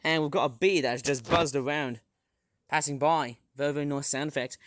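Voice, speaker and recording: A man's voice: fairly high pitch, fairly quick, a little hiss or hum. A man casually vlogging from his backyard garden, rambling, joking at himself and tripping over his words. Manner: rambling, self-mocking, stumbles over words.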